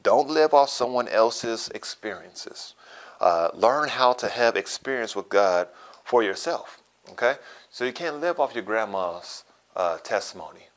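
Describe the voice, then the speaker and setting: Low-voiced man preaching with emphatic repetition. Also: expressive, measured pace. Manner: repetitive, emphatic preaching with frequent "okay?" check-ins. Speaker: pastor. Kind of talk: sermon.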